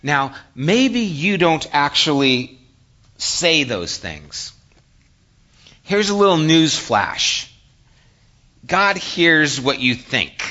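A man preaching a sermon, conversational and animated, moving between hushed reflection and emphatic asides. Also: a little high, very slow, long pauses, muffled recording. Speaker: pastor.

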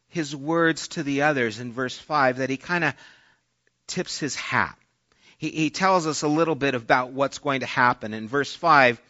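A man's voice: on the high side, pushed and bright. A man preaching a sermon in a conversational way, sometimes acting out the voices in the story he tells. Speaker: pastor. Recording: dull lo-fi sermon audio.

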